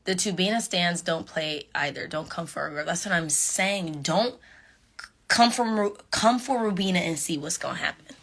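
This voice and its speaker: A young woman chatting casually with fans on a live stream, animated and sassy, talking straight to her viewers. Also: fairly low pitch, normal speed, creaky. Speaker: reality show contestant on a live stream. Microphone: phone.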